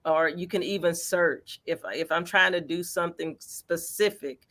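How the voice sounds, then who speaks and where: A featured artist, a woman, answers interview questions in a lively, encouraging way and draws on everyday examples. Her voice is on the low side, and she speaks at a moderate pace.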